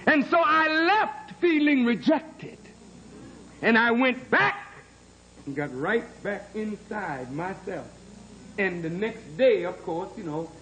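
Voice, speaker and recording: A minister with a high voice preaches unhurriedly, telling his story dramatically as he drops into hushed, low passages and rises to emphatic peaks. He earnestly insists on his honesty. The recording is low quality with slight background noise.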